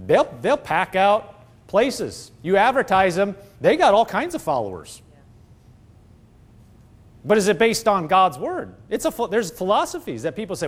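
A man's voice: sits high, wildly swooping pitch, unhurried. A man preaching a sermon as pastor, emphatic, throwing rhetorical questions at the congregation.

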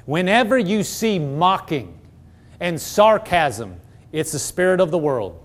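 A man preaching a sermon and reading scripture aloud, earnest and emphatic, slowing down to stress key phrases. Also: a little high, big pitch swings. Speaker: pastor.

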